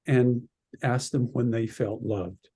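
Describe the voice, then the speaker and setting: A man from Canada, a radio producer and podcast guest, telling an animated story and acting out the voices of the people in it. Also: medium pitch, slow, breathy edge. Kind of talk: animated anecdote in a podcast interview.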